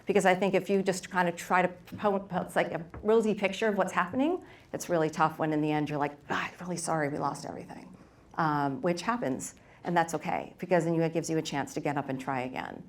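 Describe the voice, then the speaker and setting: A middle-aged woman who founded a bakery, speaking candidly on a workshop panel and telling lively stories with quick asides. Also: lowish voice.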